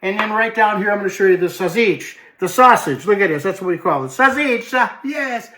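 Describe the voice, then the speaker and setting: A chatty man, hosting a cooking demonstration in his home kitchen with lively exclamations. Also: high voice, fairly quick, roomy sound, slight background noise. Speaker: cooking show host.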